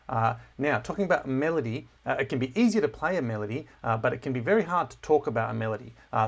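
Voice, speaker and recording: A man giving a relaxed music lesson, with many filler words and self-deprecating asides. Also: mid-range voice. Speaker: music teacher. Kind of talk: casual classroom lesson on music analysis.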